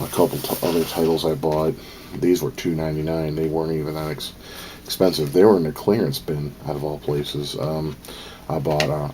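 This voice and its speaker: A man's voice: very deep voice, darkish tone, slight background noise. A man talking casually to camera in a vlog, rambling with lots of ums and slipping into profane venting, a little out of breath. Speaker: vlogger.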